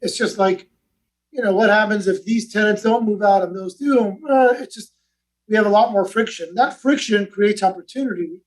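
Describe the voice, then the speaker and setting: A man talking as a podcast guest, explaining in casual chat with quick restarts. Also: sits high, recorded from a distance, rough recording. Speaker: real estate investor guest.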